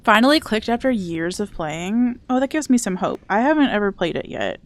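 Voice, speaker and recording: During a casual gaming stream, a young woman with a medium-pitched, sing-song voice speaks fairly quickly. She keeps things playful, reading messages from chat and responding to her viewers.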